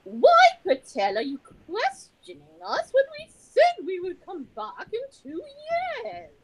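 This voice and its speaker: A woman's voice: very high-pitched, huge pitch swings, measured pace, voice pushed up, heavily acted, poor audio. A woman voicing a pompous British male conference organizer with a put-on English accent, sounding indignant and haughty.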